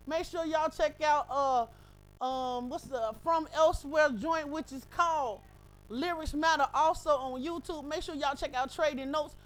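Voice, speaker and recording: A woman's voice: high voice, a little slow. A woman hosting a radio show, breaking down a rap verse in emphatic, profane casual commentary full of rhetorical questions.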